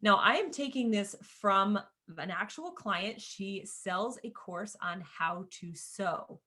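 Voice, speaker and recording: A woman's voice: mid-range voice, lively intonation, slow pace, pushed and bright. Chatty woman teaching a screen-share tutorial. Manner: chatty, addresses viewers as "you guys", casual asides. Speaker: course creator teaching sales page design.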